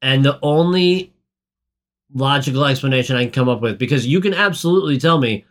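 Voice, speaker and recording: A man in casual podcast chat, exasperated and profane, often climbing to loud, high outbursts. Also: brisk. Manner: exasperated, profane, rising to near-shouts. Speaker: podcast co-host.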